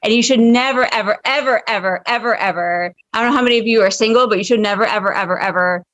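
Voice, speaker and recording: A woman comedian in her thirties rants bluntly over a video call, swearing hard and piling on fillers. Her voice sits at an ordinary pitch for a woman. The sound is dry and close, with no room echo at all. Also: fast talker, fairly bright tone. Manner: blunt, exasperated, heavy swearing and many fillers. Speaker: stand-up comedian. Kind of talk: profane ranting stand-up bit.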